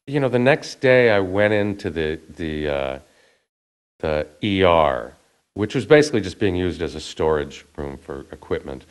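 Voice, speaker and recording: Male actor guest, very low voice, chatty storyteller, laughs easily. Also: smooth. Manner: chatty, acts out the voices of people he quotes; laughs often as he talks. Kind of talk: casual anecdotal storytelling.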